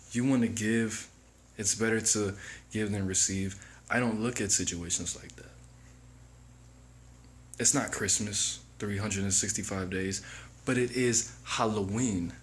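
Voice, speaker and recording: A man giving a slow, reflective motivational monologue that circles back on its own phrases. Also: on the low side, fairly bright tone, a little hiss or hum. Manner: slow, deliberate, repeats phrases. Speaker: motivational speaker.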